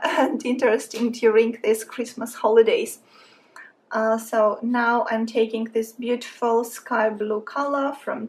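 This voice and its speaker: A woman from Saint Petersburg with a Russian accent, chatting in a friendly way as she narrates a drawing tutorial. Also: fairly high pitch. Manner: chatty, friendly, thinking aloud while drawing. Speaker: art instructor.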